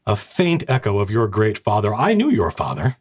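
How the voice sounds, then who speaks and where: A haughty armored knight commander who sneers at everyone below him, as a game master puts him on. His voice sits high and taunting above a low speaking voice, dripping with scorn in a tabletop role-play. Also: huge pitch swings, moderate pace, husky, heavily acted. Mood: condescending. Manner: sneering, condescending.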